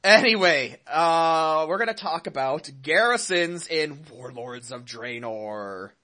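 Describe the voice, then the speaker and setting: A man's voice: fairly high pitch, slow, bright, forceful tone. A man co-hosting a casual gaming podcast, joking around, making puns and laughing often. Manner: jokey, laughs a lot, punny. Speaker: podcast co-host.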